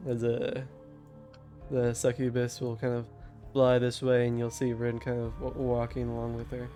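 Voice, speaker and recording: A young man running a tabletop game as game master, talking in a loose, relaxed way with lots of fillers and restarts. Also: medium pitch, normal speed, soft background music. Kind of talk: casual tabletop game narration.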